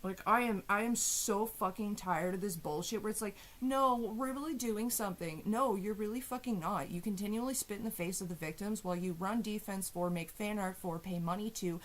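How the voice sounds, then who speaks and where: A woman's voice: mid-range voice, fairly quick, hardly any pauses. A woman venting to her viewers in a heated, profane and sarcastic rant. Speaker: vlogger. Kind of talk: angry rant to camera.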